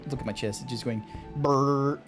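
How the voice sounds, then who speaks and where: A male streamer talks in a rambling, chatty way at an ordinary mid pitch, looping back through filler words as he plays. Faint game music sits underneath his voice. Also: fairly even intonation, moderate pace. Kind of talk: casual live-stream chat.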